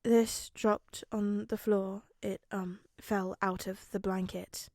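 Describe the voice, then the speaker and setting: Woman reading as a shy teen boy, quiet, slow, hesitant, storybook audiobook, dry. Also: medium pitch, level tone, no room sound. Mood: uneasy. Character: shy, anxious teenage boy student.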